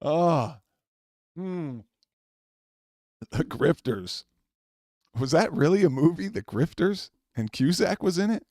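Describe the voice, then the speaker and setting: A man tells a personal story to his viewers in a loose, rambling style, stumbling over and repeating words. His voice sits a little high for a man and turns incredulous and worked-up as he goes. The recording is dry and close, with no room sound. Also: expressive, slow pace, long pauses, warm tone, no room sound. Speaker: channel host. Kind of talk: casual storytelling rant.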